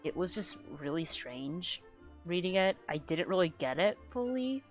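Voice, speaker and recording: A woman chatting casually on a live stream, rambling and excitable, swearing freely and getting loud when worked up. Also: fairly low pitch, moderate pace, faint music behind. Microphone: desk microphone she adjusts.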